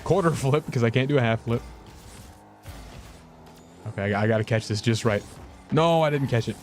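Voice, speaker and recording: A young man streaming a game, chatting casually with viewers in a rambling, self-mocking way, his pitch jumping up and down. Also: moderate pace, soft background music. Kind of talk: casual gameplay commentary.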